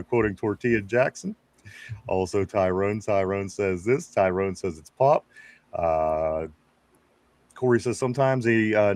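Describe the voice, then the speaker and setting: A man's voice: fairly low pitch, dry recording. A man co-hosting a live sports podcast, casually reading viewer comments aloud and chuckling. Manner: laid-back, chuckling, reads comments aloud. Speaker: podcast co-host reading chat. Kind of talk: casual live-stream chat.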